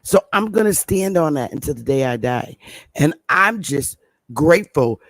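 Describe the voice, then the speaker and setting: A woman's voice: low voice, lively intonation, normal speed, no echo. Middle-aged woman hosting a livestream, emphatic and repetitive, close and dry sound. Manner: emphatic, repeats points for stress. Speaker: livestream host. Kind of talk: livestream talk to viewers.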